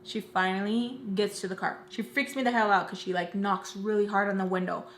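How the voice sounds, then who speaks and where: A woman's voice: medium pitch, a little fast. Woman, storytime vlogger, casual slangy chat, roomy sound, faint hum. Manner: animated, slangy storytelling that acts out quoted dialogue; talks while doing her makeup.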